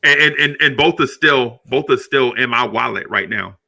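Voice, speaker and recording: Animated middle-aged storyteller man. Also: medium pitch, normal speed, creaky. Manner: animated, repeats words, laughs often. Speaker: podcast host. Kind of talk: casual storytelling chat.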